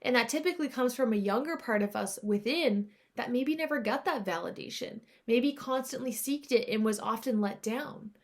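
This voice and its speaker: A woman's voice: on the high side, moderate pace, hardly any pauses. A young adult woman hosting a podcast, talking earnestly and confessionally to her listeners. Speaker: podcast host. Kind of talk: personal reflective podcast talk.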